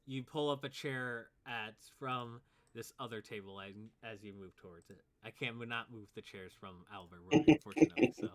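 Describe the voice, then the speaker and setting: A man narrating as game master for a tabletop game. His voice sits at an ordinary middle pitch, and he talks in a relaxed, loose way with frequent chuckles. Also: moderate pace, hardly any pauses.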